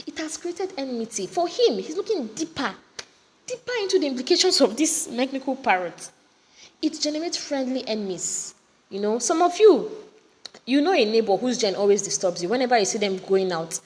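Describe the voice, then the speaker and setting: Casting: high-voiced Nigerian woman, lively teacher, reverberant room, faint generator hum behind her. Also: fairly quick. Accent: Nigerian English. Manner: lively, chatty, rhetorical questions to students. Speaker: teacher explaining a poem. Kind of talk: casual recorded lesson. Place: home with generators running nearby. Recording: audio recording, reverberant, faint generator noise.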